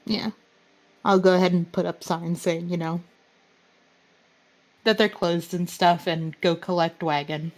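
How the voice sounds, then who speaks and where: A woman playing a tabletop game, talking in a casual, soft-spoken way. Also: lowish voice, steady tone, measured pace, long pauses. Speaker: player.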